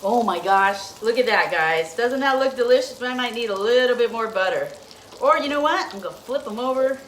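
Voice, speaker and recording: A woman's voice: on the high side, lively intonation, a little fast, a bit bright, a little hiss or hum. A middle-aged woman hosting a casual cooking demonstration in her home kitchen, chatty, laughing often and talking straight to viewers. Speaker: host. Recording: echoey room with faint sizzling. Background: food sizzling in a pan.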